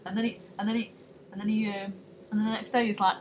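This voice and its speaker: A woman's voice: medium pitch, little pitch movement, fast talker, heavy background noise. A young woman, chatting casually and retelling a film plot in a rambling, sweary, giggly way. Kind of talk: casual comedic chat.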